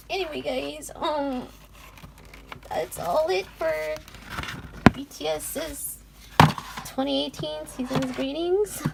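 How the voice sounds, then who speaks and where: Giggly young woman, gravelly and slow. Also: sits high, noisy background. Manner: gushing, giggly, drifts into soft whispers. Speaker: vlogger. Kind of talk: casual unboxing chat.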